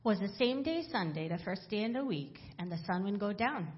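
A woman's voice: mid-range voice, animated, brisk, lo-fi sound. A woman with a Hawaiian Pidgin accent reading scripture aloud verse by verse in church. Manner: reads aloud verse by verse, playful. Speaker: pastor's wife reading scripture.

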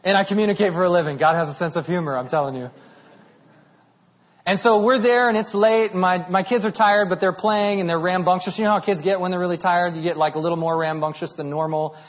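A man in his thirties preaching a sermon as a pastor, telling stories in an animated, humorous way. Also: high-pitched, fast talker, lo-fi sound.

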